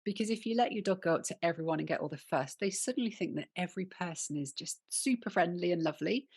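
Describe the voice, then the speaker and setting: A woman hosts a podcast interview, her voice sitting somewhat low. She talks in an easy conversational way, handing out practical advice on training puppies. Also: animated, fast, darkish tone, slightly rough. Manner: advice-giving, conversational, encouraging. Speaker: podcast host and dog trainer.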